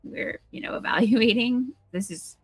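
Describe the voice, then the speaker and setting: A woman's voice: on the high side, moderate pace, husky, no room sound. A woman co-playing a mystery game, chatting casually with giggly, joking asides. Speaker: co-player. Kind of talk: casual gameplay chat.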